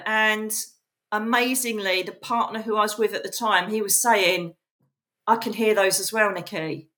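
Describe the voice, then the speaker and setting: Woman, podcast guest, animated storyteller who acts out quotes, sharp bright tone. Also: mid-range voice. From England. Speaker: podcast guest, psychic medium. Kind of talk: casual interview storytelling.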